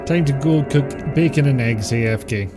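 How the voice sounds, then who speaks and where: British male streamer, dry self-mocking mutterer, average pitch, game music behind. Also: normal speed. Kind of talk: casual gameplay commentary. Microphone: close mic with voice compressor.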